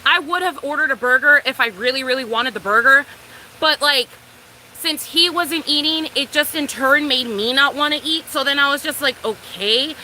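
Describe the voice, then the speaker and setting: Young woman, storytime vlog, loose and profane, high voice. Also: normal speed, sharp tone, a little hiss or hum, poor audio. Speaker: vlogger.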